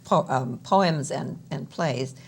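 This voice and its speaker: A woman's voice: low voice, slow, creaky, husky. A woman stage actor speaking emphatically in a conversational interview, often rephrasing as she goes.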